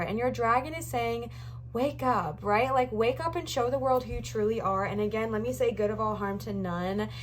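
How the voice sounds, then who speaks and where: A woman's voice: mid-range voice, fairly bright tone. A young woman, a professional tarot reader, talking through a reading in a chatty, reassuring way and often repeating her phrases.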